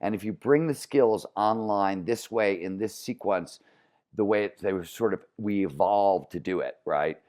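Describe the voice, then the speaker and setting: Man, flat midwestern accent, deep low voice, middle-aged, energetic, repeats himself to build points. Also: moderate pace. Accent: flat Midwestern American. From Cleveland, Ohio, US. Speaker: author and guest. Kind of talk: podcast interview.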